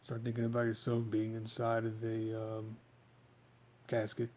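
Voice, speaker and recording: A man giving a rambling, halting monologue, full of fillers as he explains a technique. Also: on the low side, completely flat delivery, warm tone, a little hiss or hum, low-quality recording. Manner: halting, filler-heavy, meandering.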